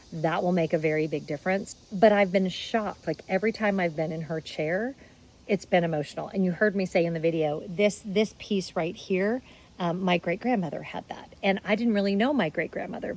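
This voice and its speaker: A woman's voice: on the low side, poor audio. A middle-aged woman, talking casually to camera in a chatty vlog. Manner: chatty, warm-hearted, emotional in places. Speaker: vlogger.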